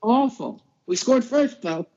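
Guy from the boston area guesting on a sports chat, rambly and relaxed, muffled lo-fi sound. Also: extremely high pitch, takes it slowly. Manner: rambling, restarts, easygoing fan talk. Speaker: podcast guest. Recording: dull lo-fi audio.

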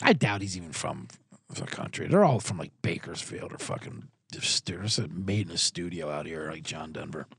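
A man's voice: deep voice, expressive, normal speed, gravelly, fairly bright tone, slightly rough, dry recording, studio quality. A man hosting a sports betting show in loose, rambling, profane casual talk, reading out viewer comments as he goes.

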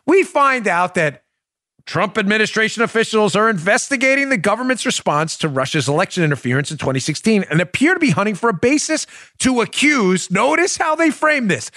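A man's voice: sits high, dry recording, clean studio sound. Emphatic male political talk host. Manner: emphatic, animated, rhetorical questions. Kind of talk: political talk show monologue.

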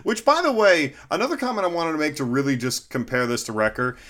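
A man's voice: a little high, quick pace. A man co-hosting a casual movie podcast who laughs easily and picks apart how the film is made. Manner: animated, laughs easily, analytical. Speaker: podcast co-host. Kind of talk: casual movie review chat.

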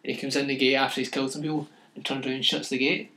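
A man's voice: mid-range voice, little pitch movement, very fast, pushed and bright. Crude, laughing man. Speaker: podcast co-host. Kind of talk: casual chat.

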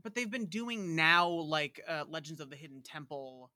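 A man with a Long Island accent, a guest actor chatting casually and picking at details with animated emphasis. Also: on the high side, normal speed, dry recording. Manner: animated, nitpicky. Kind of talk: casual chat.

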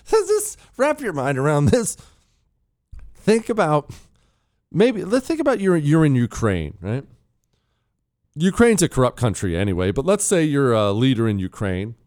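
A man's voice: a little high, big pitch swings, moderate pace, no echo, clean studio sound. A man hosting a political talk show, combative and sarcastic, often mocking others in put-on voices.

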